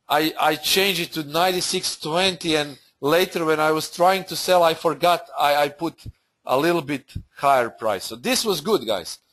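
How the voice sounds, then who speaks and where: A man hosting a live trading webinar, talking through charts in halting, unscripted full of fillers and restarts. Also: a little high, a bit bright. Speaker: forex trading webinar host.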